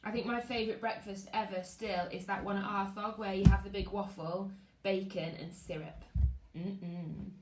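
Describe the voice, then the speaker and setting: A woman's voice: mid-range voice, normal speed, few pauses, noisy background. A woman teaching her class over a live stream from home, greeting pupils by name and chatting before reading aloud. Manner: lively, greets pupils, reads out comments. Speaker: primary school teacher. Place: at home, living room. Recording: echoey room.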